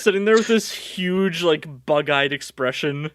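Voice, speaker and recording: A man hosting a casual podcast, recapping episodes with animated retellings and laughter. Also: fairly high pitch, a little slow, clean tone, no room sound, clean studio sound.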